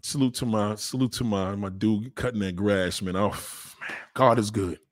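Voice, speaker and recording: A man's voice: fairly low pitch, moderate pace, no room sound, clean studio sound. A man with a New York accent, talking in a casual, profane monologue and mimicking other people. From New York City. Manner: animated, swearing, mimicking others.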